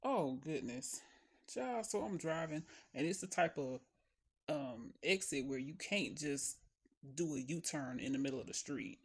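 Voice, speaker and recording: A woman telling a personal story in a casual, animated way, talking straight to her viewers. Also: low-pitched, a little slow, slightly rough. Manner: animated, conversational, often saying "child". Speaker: storyteller vlogger.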